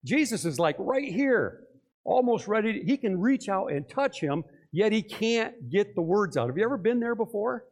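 A man's voice: high voice, sing-song, normal speed. A male pastor preaching a sermon in church, talking conversationally and putting many questions to his listeners.

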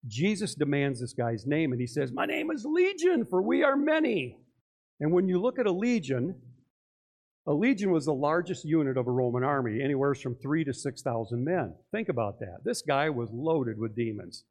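A man's voice: mid-range voice, expressive, moderate pace, darkish tone. A male pastor preaching a sermon in church, talking conversationally and putting many questions to his listeners.

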